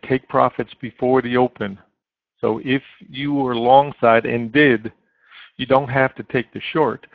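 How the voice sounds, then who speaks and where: A man's voice: medium pitch, gravelly, dry recording. A man giving live market commentary as a trading chat room moderator, coaching steadily with frequent fillers over a dry, phone-like line.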